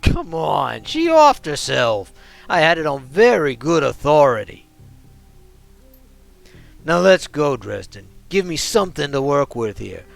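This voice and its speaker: A man voicing a brutish, rude orc male detective in a game, loud and bullying. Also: medium pitch, sing-song, measured pace, vocal fry, faint music behind, exaggerated voice. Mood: gruff.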